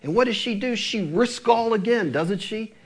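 A man preaching a sermon, retelling scripture stories with animated delivery and acting out the lines of the people in them. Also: high-pitched, moderate pace, husky.

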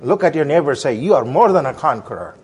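A man delivers a sermon with a high voice that leaps up and down. He drives points home with emphatic repetition and calls the congregation to answer back. He sounds like a guest preacher speaking in a church. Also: animated, fast, darkish tone, husky. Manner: emphatic call-and-response preaching.

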